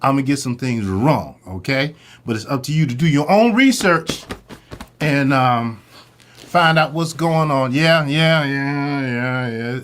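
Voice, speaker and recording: A man's voice: medium pitch, expressive, a little slow, a bit bright. A man hosting a morning livestream in a casual, chatty way, greeting viewers by name and repeating his catchphrases. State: a little out of breath. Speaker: host of a morning drama-recap livestream.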